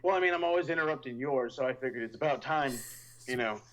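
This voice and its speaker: A man being interviewed as a podcast guest, speaking frankly and haltingly about himself. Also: medium pitch, a bit bright, rough recording.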